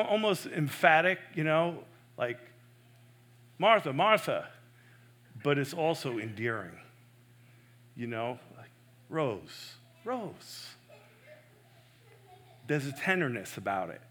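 A man preaching a sermon in an earnest, emphatic way. He swings between loud stresses and soft, hushed asides. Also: medium pitch, lively intonation, moderate pace. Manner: self-correcting, personal and earnest.

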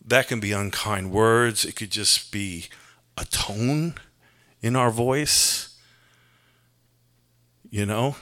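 A man's voice: lowish voice, takes it slowly, long pauses, pushed and bright. A man from New preaching an earnest, conversational sermon, mixing scripture with personal confession. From New York. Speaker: pastor.

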